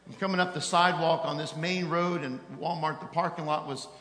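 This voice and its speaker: A middle-aged man preaching as an evangelist, telling a story in an animated, self-mocking way that swings from loud exasperation to hushed tones. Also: on the high side, fairly quick. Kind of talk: sermon storytelling. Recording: echoey hall with long reverb.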